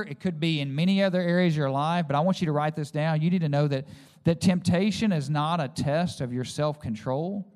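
A man's voice: a little high, darkish tone. A male pastor preaching a sermon, mixing personal stories with direct, conversational appeals to the congregation. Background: faint music.

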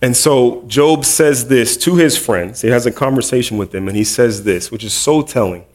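A man preaching in a relaxed, conversational way, mid-pitched for a man. He jokes about himself and tells his stories in an animated way, talking to the congregation like friends. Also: normal speed. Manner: humorous, self-deprecating, animated storytelling. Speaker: preacher, middle school teacher. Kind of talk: casual conversational sermon.

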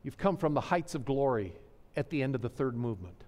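A man preaching a sermon, swinging between hushed, sorrowful passages and soaring, fervent proclamation. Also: medium pitch, expressive, brisk, in a large hall. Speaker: pastor.

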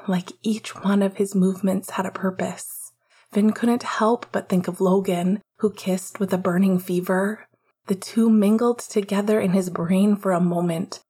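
Woman whispering slow story narration. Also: medium pitch, dark tone, slightly rough. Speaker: audiobook reader.

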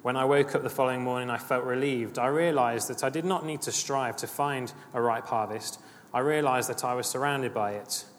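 In an earnest, emphatic sermon, a male preacher often repeats his phrases, speaking fairly quickly with hardly any pauses in a mid-range voice. The recording carries a long hall reverb and faint ambient noise.

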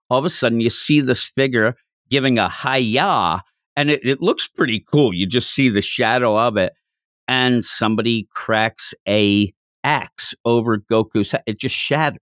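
This is a man with a middle-range voice, recorded close and dry with no room sound. He retells a comic chapter in relaxed podcast chat and acts out the lines as he goes. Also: mid-range voice, unhurried, no room sound. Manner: animated storyteller who acts out the characters' lines. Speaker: podcast host.

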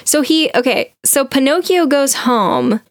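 A woman's voice: high voice, measured pace, no echo, clean studio sound. A woman co-hosting a podcast, casually retelling a story and acting out the characters' lines. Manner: animated storyteller, acts out quotes. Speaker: podcast co-host.

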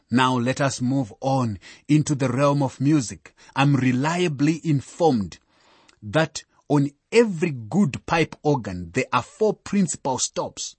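Slow, husky-voiced male preacher. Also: medium pitch, dry recording. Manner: measured, emphatic preaching with rising and falling emphasis. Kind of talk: sermon.

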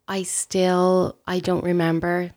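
A woman, a guest talking intimately and hesitantly in a soft, often breathy, near-whispered voice. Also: lowish voice, monotone, slow. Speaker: guest sharing a personal story. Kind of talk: intimate conversation.

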